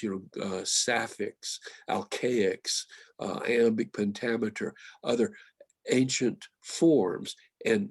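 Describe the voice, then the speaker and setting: Older pittsburgh area guy, low husky voice, slow careful talk about poems, dry sound. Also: dry recording. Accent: Western Pennsylvania. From Mon Valley, Pennsylvania. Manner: thoughtful, measured, quoting lines slowly. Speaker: guest poet. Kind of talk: reflective talk on poetry.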